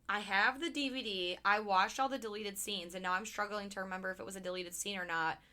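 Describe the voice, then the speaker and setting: A woman's voice: mid-range voice, fairly even intonation, fast talker, sharp tone. A woman in her thirties co-hosting a podcast, chatting casually and animatedly about movies, swearing freely and quoting lines. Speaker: podcast co-host.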